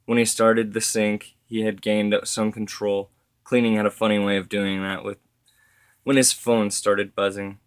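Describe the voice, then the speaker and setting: A man reading his story aloud as narrator, steady with occasional self-corrections. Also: on the low side, unhurried, clean tone, no room sound.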